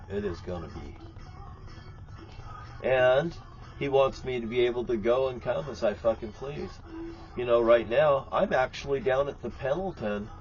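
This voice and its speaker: A man's voice: on the low side, a little mellow, highs cut off. A man, talking to the camera from his RV in a bitter, profane, rambling rant. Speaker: vlogger. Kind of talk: rambling angry vlog monologue. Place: inside an RV lit by candles.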